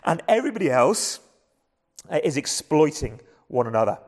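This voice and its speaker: A hoarse man with an English accent, preaching a sermon in an earnest, conversational way with frequent repeated starts. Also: fairly high pitch, sing-song, normal speed, darkish tone, in a large hall. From England. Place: church.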